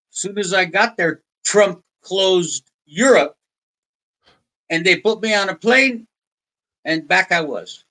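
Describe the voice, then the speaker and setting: Bright-voiced older man telling rambling anecdotes. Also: sits high, poor audio. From United States. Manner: rambling anecdotes with restarts, quoting others in put-on voices. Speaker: podcast guest. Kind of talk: casual interview storytelling.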